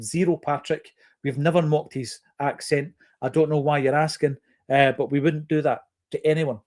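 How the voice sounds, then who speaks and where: A man's voice: on the high side, steady tone, darkish tone. A man from Fife with a Scottish accent, hosting a football podcast and answering listener comments in an earnest, opinionated way. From Fife, Scotland. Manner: earnest, opinionated, measured with fillers.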